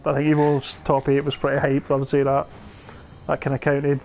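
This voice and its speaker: A young man, telling animated stories and laughing in a casual gaming chat. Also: medium pitch, a little fast, gravelly, faint music behind. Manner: animated storyteller, laughs mid-sentence, says "aye". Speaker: podcast co-host.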